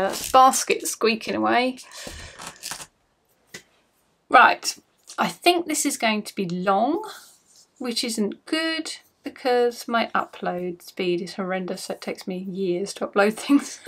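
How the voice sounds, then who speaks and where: A woman hosting her craft podcast at home, chatting casually to camera in a rambling, self-mocking way. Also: fairly high pitch.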